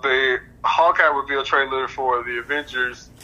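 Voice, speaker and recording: A man co-hosting a casual podcast chat, blunt and profane, with deadpan complaints. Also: mid-range voice, measured pace, poor audio. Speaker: podcast co-host.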